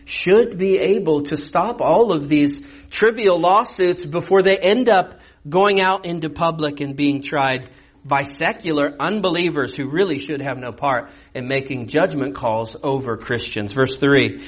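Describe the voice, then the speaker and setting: Conversational preacher, man, higher-pitched. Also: a little slow, husky, poor audio. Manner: conversational preaching with sudden emphatic bursts. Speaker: pastor. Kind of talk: sermon.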